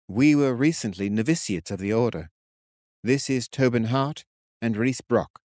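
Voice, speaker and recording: A man's voice: medium pitch, normal speed, darkish tone, dry recording, clean studio sound, natural voice. A man voicing a humble, unsure young male leader who speaks plainly and earnestly. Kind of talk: audiobook character voice.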